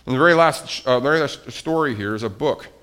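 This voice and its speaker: A man's voice: mid-range voice, brisk, fairly bright tone. A man preaching as pastor in a children's sermon, coaxing the kids with questions and explanations.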